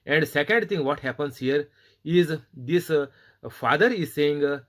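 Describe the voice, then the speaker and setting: A man with a fairly high voice teaches a bible study, reading a verse and then explaining it. He talks haltingly, with many fillers and restarts and non-native phrasing. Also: a bit bright. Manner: reads scripture aloud then explains it. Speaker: preacher.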